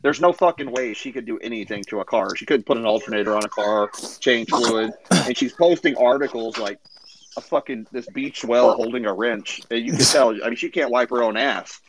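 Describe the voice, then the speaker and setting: A man's voice: medium pitch, fairly quick, noisy background. A man in a casual online audio chat telling a sarcastic, profane story and acting out the other people's lines.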